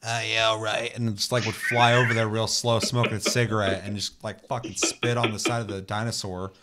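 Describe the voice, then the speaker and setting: A man chatting casually on a gaming podcast with a low, easygoing voice. He rambles and swears constantly, breaking into silly voices to act out what happened in his games. The delivery is relaxed and off the cuff. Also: a little fast, heavy background noise. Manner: rambling, profane, acts out funny voices in his stories. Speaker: podcast co-host.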